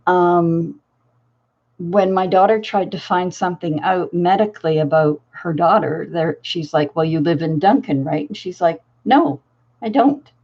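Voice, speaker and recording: Older woman, low voice, rambling storyteller. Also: steady tone, normal speed, darkish tone, dull audio. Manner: rambling, full of fillers and restarts. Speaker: crafting channel host. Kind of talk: casual storytelling.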